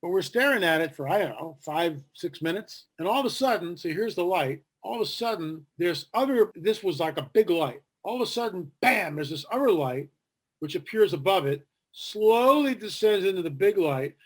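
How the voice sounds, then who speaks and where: Animated male storyteller guest. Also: high voice, normal speed. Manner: lively anecdotes, acting out other people's lines. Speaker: guest, author and researcher.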